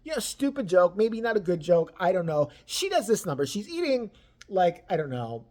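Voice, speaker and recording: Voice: mid-range voice, very animated, moderate pace. Foul-mouthed mocking ranter. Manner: crude, mocking, swears constantly; swings between loud outbursts and mutters. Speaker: celebrity gossip commentator. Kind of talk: profane ranting commentary.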